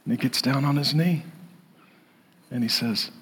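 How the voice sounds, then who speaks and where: A male pastor preaching a sermon in an emphatic way, repeating phrases and pausing for effect. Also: mid-range voice, fairly bright tone, husky. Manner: emphatic, repetitive, with dramatic pauses.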